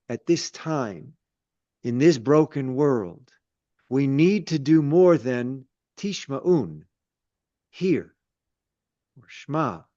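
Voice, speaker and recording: A man's voice: mid-range voice, mellow, no room sound. A man, a rabbi leading a Torah study, teaching conversationally with repeated words and self-deprecating asides. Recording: dull lo-fi sound.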